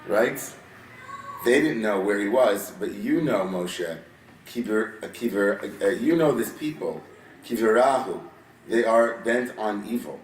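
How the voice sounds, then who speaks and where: A man giving a Torah study sermon, reading Hebrew verses and then explaining them in animated, casual English. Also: lowish voice, measured pace, slight background noise. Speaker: rabbi teaching Torah. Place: synagogue sanctuary. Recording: roomy sound from a distance with faint ambience.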